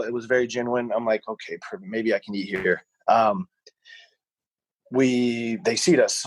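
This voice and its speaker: A young male podcast co-host rambles through a personal story in a mid-range voice, animatedly acting out what people said. The recording is dry and the audio poor.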